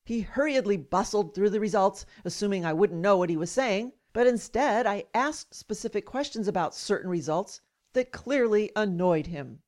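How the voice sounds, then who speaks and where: A woman's voice: mid-range voice, animated, normal speed, darkish tone. A middle-aged woman hosting a radio program, reading a scripted personal commentary in an indignant, emphatic way. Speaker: radio host.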